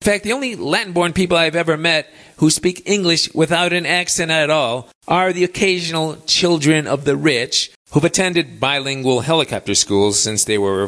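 A man's voice: on the high side, fairly bright tone. A middle-aged man hosting a podcast, delivering a chatty, opinionated monologue full of rhetorical questions. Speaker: podcast host.

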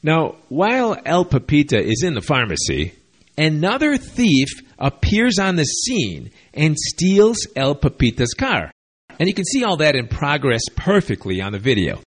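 A man's voice: fairly high pitch, sing-song, measured pace. A man hosting a video, telling a crime story in a casual monologue with sardonic, wry asides. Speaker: video host. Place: lives in Latin America.

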